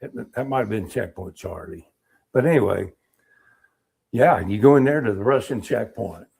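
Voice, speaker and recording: A middle-aged man, an Army veteran, telling war-era stories in a casual interview, animated and acting out what people said. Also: on the low side, normal speed, creaky, breathy edge. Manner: animated storyteller, acts out quotes, laughs.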